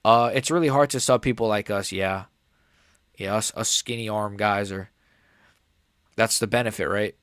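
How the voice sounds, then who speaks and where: A young man hosting a live fight reaction stream, rambling casually with lots of "like" and "bro" while his voice sometimes cracks high. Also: steady tone, moderate pace, pauses often, a bit bright, clean tone, dry recording, clean studio sound. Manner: rambling, filler-heavy, says "like" and "bro" often. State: voice cracking upward at times.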